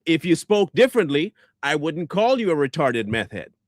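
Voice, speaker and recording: Combative high-voiced male ranter. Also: very animated, normal speed, no room sound. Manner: combative, insulting, sarcastic. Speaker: online commentator. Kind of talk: ranting reply to viewer comments.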